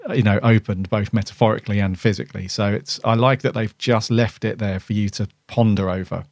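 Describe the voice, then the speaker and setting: Male podcast co-host, deep and gravelly, chatty and opinionated. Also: steady tone, fairly quick, a little mellow, no echo, studio quality. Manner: chatty, opinionated, lots of "you know". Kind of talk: casual chat.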